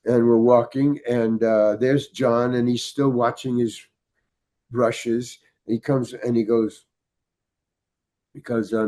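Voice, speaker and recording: An older man, a podcast guest, telling a long anecdote in a halting way, restarting his sentences and acting out the dialogue. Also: medium pitch, mellow. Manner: halting, many restarts, acts out quoted dialogue. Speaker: guest storyteller.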